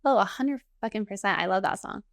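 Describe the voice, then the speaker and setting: A young American woman co-hosts a podcast, ranting casually in a blunt, emphatic way and swearing freely. Her mid-range voice moves fast, recorded in studio quality with no echo.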